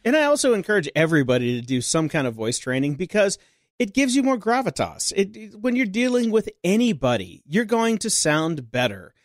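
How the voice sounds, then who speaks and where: A man's voice: high-pitched, big pitch swings, fairly quick, no room sound, clean studio sound. A male podcast producer and co-host chatting casually in an upbeat, joking, emphatic way.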